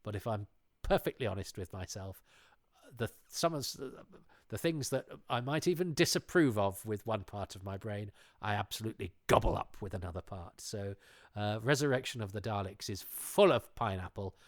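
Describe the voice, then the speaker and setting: A man's voice: on the low side, expressive, moderate pace, no echo, clean studio sound. A man chatting casually, enthusiastic and digressive with a self-deprecating streak. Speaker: show panelist. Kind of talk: casual chat.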